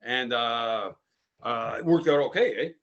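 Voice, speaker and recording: A man's voice: medium pitch, a little slow, fairly bright tone, dull audio. A French Canadian man from Canada telling a casual, rambling story, full of "eh" and "man" tags. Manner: rambling, frequent "eh" and "man" fillers. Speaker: podcast host.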